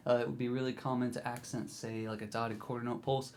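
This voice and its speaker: Guy teaching drums, chill and encouraging, normal pitched voice, bit of hiss. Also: fast, hardly any pauses. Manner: relaxed and encouraging, counting in and scatting drum rhythms. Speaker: drum teacher. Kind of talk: instructional video talk.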